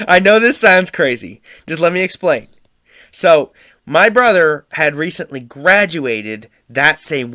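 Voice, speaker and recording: Bright-voiced young man telling family tales. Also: on the high side, no room sound, studio quality. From Pennsylvania. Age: young adult. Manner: animated, chuckling retelling. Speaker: student storyteller. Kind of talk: anecdotal family storytelling.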